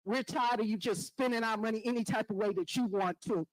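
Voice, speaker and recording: A woman's voice: fairly high pitch, fairly quick, dry recording, poor audio. A woman speaking at public comment during a village board meeting, firm and disappointed, demanding answers from officials.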